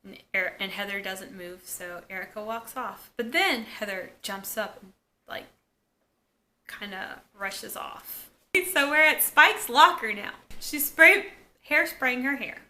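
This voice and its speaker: A woman recapping a TV episode in a casual vlog, chatty and full of fillers and excited asides. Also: mid-range voice, takes it slowly, a little hiss or hum. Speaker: YouTube episode reviewer.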